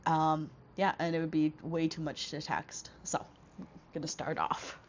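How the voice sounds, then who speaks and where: A young woman talks casually into a small clip-on mic, her voice stuffy and congested from a cold. She rambles with many fillers and restarts, in a slightly low register. The sound is a bit dull and lo-fi, with faint noise behind her. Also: little pitch movement, a little slow. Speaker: vlogger. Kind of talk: casual book haul vlog. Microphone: small wireless clip-on mic.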